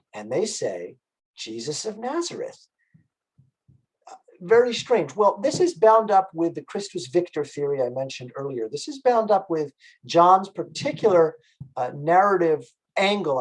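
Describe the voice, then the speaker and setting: A man giving a library lecture on music, walking his listeners through each point. He pauses to ask the audience questions and keeps the explanation steady and clear. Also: a little high, poor audio. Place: library event.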